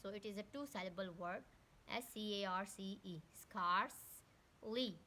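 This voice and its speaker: A woman teaching an online English lesson at an even, unhurried pace. She explains patiently, breaking each word down and spelling it out letter by letter. Her voice sits in a middle range over a faint hiss. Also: medium pitch.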